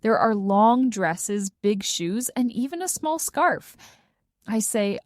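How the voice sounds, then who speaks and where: A woman narrating a simple graded-reader story for English learners, clearly and carefully. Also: mid-range voice, measured pace, dry recording, clean studio sound. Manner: clear, carefully paced, expressive. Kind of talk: slow scripted storybook narration.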